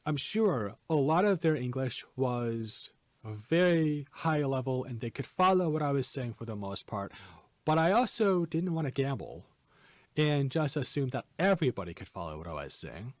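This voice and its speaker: A man hosting a podcast lesson, giving presentation tips in a clear, emphatic, teacherly way. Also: medium pitch, very animated, normal speed, no echo.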